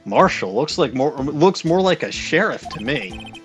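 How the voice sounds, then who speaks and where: Brief: male let's play host, higher voice, animated and jokey, very expressive. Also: soft background music. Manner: animated, joking, quick exclamations. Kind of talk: casual let's play commentary.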